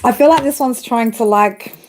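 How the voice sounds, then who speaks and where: A woman's voice: fairly high pitch, moderate pace, darkish tone, slight background noise. Swearing, chatty woman tarot reader. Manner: chatty, swears a lot, talks to viewers as girl and babe. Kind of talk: casual live tarot reading.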